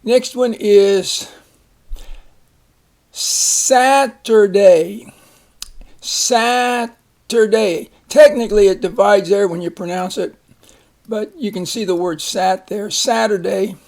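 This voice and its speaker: A man teaching a phonics lesson, slowly reading words, splitting syllables and giving example sentences. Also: high voice, vocal fry, darkish tone. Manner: slow, deliberate, repeats each word and splits syllables.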